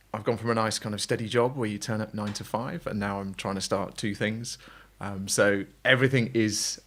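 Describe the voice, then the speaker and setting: A man from England, a guest on a casual podcast, talking in a chatty, self-deprecating way and laughing easily. His voice is gravelly with a bright, forceful edge. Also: lowish voice. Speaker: podcast guest, agency founder. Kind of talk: casual chat.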